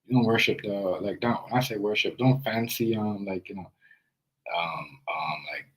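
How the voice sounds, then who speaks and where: Low husky Jamaican man, rambling. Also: normal speed, fairly bright tone, low-quality recording. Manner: rambling, full of fillers and restarts. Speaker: video creator. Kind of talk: casual personal storytelling.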